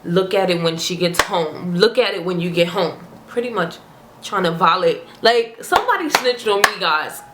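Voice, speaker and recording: A young woman, a vlogger, telling a casual, animated storytime in slangy everyday speech. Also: lowish voice, moderate pace, background noise. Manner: chatty, animated, slangy storyteller who breaks into character voices. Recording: roomy echo, faint ambience.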